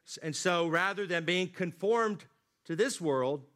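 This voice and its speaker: A man preaching a sermon, swinging from loud emphatic lines to low, quiet drops. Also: measured pace. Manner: dynamic preaching, rising emphatic then dropping low and quiet. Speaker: pastor.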